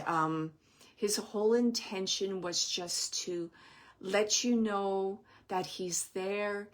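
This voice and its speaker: A woman giving a live spirit reading to an audience member, speaking gently and wandering through her impressions with soft asides. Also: mid-range voice. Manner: gentle, meandering, relays messages with soft asides.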